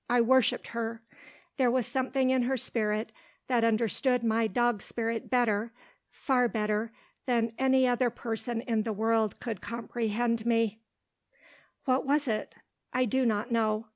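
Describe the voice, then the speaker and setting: A woman narrating an audiobook with steady, clear storytelling. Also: fairly high pitch. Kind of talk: audiobook reading.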